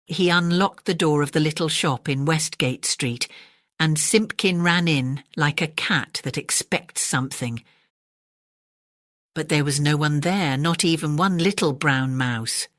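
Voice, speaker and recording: A woman narrating a classic storybook in a gentle, measured bedtime reading. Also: low voice, dry recording, studio quality.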